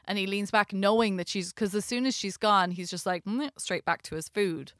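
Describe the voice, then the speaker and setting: A woman's voice: mid-range voice, moderate pace, no echo, studio quality. A woman co-hosting a casual podcast, talking through a movie and acting out quoted lines as she goes. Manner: conversational, animated retelling with quoted asides. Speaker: podcast co-host. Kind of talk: casual chat reviewing a movie.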